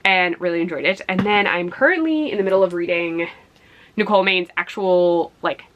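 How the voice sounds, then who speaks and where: A woman's voice: fairly low pitch, moderate pace, muffled recording. Woman vlogger, casual and rambling, talking books to a camera in her home office. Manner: rambling, chatty, many fillers. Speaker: book vlogger. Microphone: camera on a ledge.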